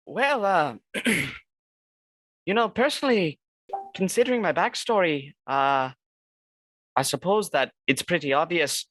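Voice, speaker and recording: Bright, lively man player. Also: fairly high pitch, a little slow, pauses often, dry recording. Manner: rambling, uses fillers like 'you know'. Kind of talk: in-character speech at the table.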